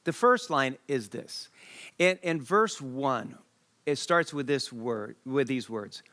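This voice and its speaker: A man preaching a sermon, reading scripture and telling a lively story with quoted dialogue, from Liberia. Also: mid-range voice, slow pace, dry recording. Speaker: pastor. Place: church stage.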